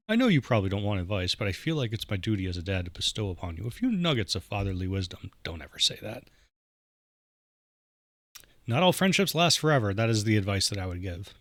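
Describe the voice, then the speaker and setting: A man's voice: lowish voice, big pitch swings, fast, a bit bright, no room sound, studio quality. A man playing through a game, chatty and musing, reading lines and reacting. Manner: chatty, musing, self-correcting. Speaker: game let's-play host.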